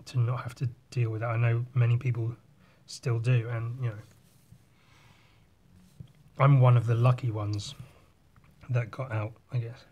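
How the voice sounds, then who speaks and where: A man in casual chat while drawing, rambling through a story and swearing often. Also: mid-range voice. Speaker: artist.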